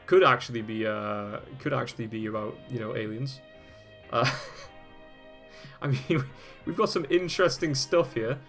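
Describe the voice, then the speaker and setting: A man's voice: mid-range voice, unhurried, fairly bright tone, soft background music. Man giving amused browsing commentary. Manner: amused, laughs often, swears casually. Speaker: host. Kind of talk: casual commentary while browsing and reading web pages aloud.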